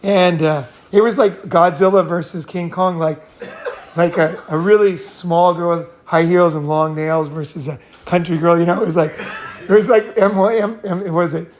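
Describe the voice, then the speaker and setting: With a high, steady voice at a moderate pace, this California host tells rambling stories full of laughter and swearing. The talk mixes casual storytelling with advice, and there's a little hiss or hum on the recording.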